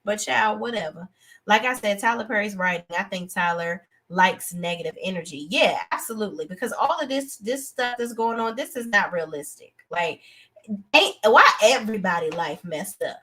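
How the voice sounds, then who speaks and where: A woman's voice: mid-range voice, normal speed. Outspoken woman with a blunt casual chat. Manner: animated, outspoken, breaks into acted voices of characters. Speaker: TV review show host. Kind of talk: casual live-stream review chat.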